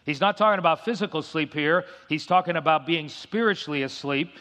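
Emphatic middle-aged male preacher, slightly high voice, long hall reverb. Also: bright, forceful tone. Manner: emphatic, repeats key phrases, reads scripture slowly. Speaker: pastor. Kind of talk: sermon.

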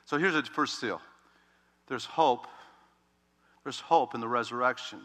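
A male pastor preaching a sermon, telling the story with animated emphasis that swings between loud, urgent lines and hushed, quiet ones. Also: mid-range voice, measured pace. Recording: long reverb of a large hall.

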